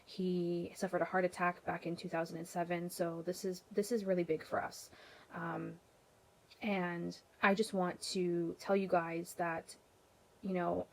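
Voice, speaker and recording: A woman's voice: fairly low pitch, a little mellow, low-quality recording. Chatty young woman vlogging, lots of ums. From Canada. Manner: chatty, rambling, many ums and restarts. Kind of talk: casual talk to camera.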